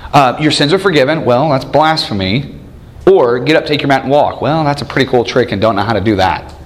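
A man preaching a sermon, acting out quoted voices and asking the listeners questions. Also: fairly high pitch. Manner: animated, acts out quoted voices, asks the congregation questions. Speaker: pastor.

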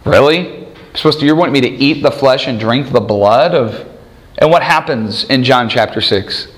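A man preaching a sermon in an animated way, acting out the people he quotes. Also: medium pitch, moderate pace. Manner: animated, acts out quoted voices.

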